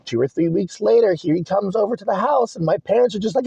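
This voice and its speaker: A man's voice: sits high, quick pace, vocal fry, hardly any pauses, mellow, husky, dry recording. A young man venting in a rambling, agitated monologue from inside his car, swearing and repeating himself. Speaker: vlogger. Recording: dry, muffled lo-fi recording.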